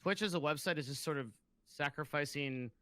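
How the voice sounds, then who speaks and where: Bright, earnest man on a dry mic. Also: fairly high pitch, a little fast, no room sound. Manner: earnest, uses many fillers. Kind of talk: casual podcast chat.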